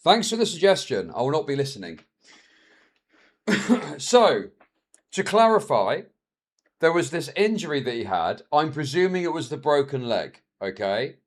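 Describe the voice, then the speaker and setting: A man streaming, reacting to a video with crude, sarcastic commentary that swings between mutters and loud outbursts. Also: a little high, sing-song, measured pace, pauses often.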